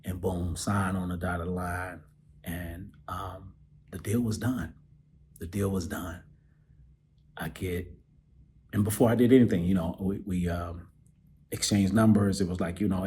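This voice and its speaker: A man hosting a podcast, telling a personal story in an animated way that sinks into soft, choked-up near-whispers. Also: sits low, normal speed, slight background noise. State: choked up, close to tears. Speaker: podcast host.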